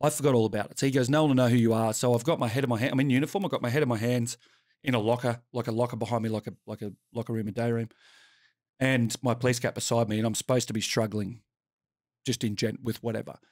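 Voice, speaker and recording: A man's voice: mid-range voice, quick pace, no echo. Australian man, middle-aged, open and sweary interview guest, dry close sound. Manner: candid, sweary, animated storytelling. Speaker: podcast guest. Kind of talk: casual interview storytelling.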